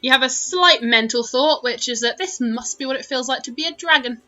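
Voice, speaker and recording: A woman's voice: sits high, brisk, sharp tone, dull audio, faint music behind. A British woman narrating a tabletop game as dungeon master, chatty and full of fillers. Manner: chatty, laughing, lots of fillers.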